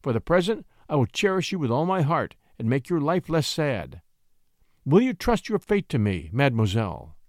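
A man's voice: a little high, sing-song, moderate pace, no room sound. Brief: male reader voicing an earnest young shepherd-poet, heartfelt, dry close recording.

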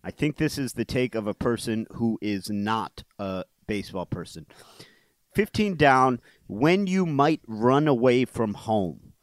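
Brief: podcast co-host, male, animated pitch swings, dry close-mic sound. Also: no room sound. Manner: chatty, quick to argue a point, laughs often. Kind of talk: casual chat about crossword clues.

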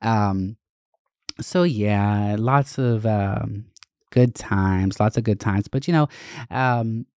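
A man's voice: lowish voice, takes it slowly, darkish tone, clear, resonant tone, no room sound, clean studio sound. A young adult man hosting a podcast, telling stories in a casual, candid and profane way, with lots of fillers. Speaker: podcast host. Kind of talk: casual storytelling monologue.

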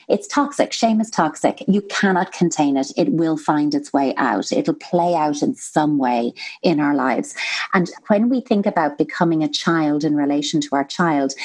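Lower-pitched woman explaining earnestly. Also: darkish tone. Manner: earnest, explanatory, acts out quoted voices. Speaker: guest psychotherapist. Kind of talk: conversational podcast interview.

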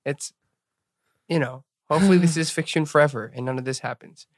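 A man's voice: a little high, fairly quick, no echo, studio quality. A man co-hosting a casual chat, easygoing and reflective, steering the conversation to new topics. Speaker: podcast co-host.

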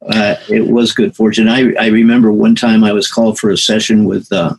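A man's voice: lowish voice, level tone, brisk, vocal fry, husky, poor audio. A man in his eighties, a veteran musician, telling long anecdotes in a conversational interview, with plenty of fillers and restarts. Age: 80s. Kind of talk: storytelling in a conversation.

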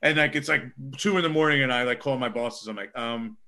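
A man's voice: mid-range voice, a little fast, sharp tone. A man, a sports reporter, telling a story casually and rambling with lots of filler words.

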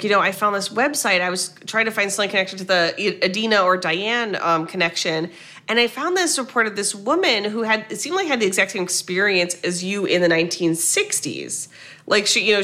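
A woman co-hosting a podcast, retelling a film's plot in a casual, animated way, quoting the characters and swearing now and then. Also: mid-range voice. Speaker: podcast co-host. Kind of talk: casual movie recap chat.

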